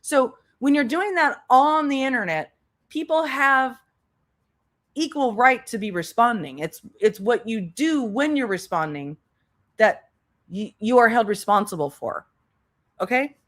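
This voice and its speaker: A woman delivering blunt commentary with a sarcastic edge. She speaks slowly from a fairly high voice and talks straight to her target. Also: lively intonation, fairly bright tone. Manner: blunt, sarcastic, addresses the subject directly. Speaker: commentary youtuber. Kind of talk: commentary over clips.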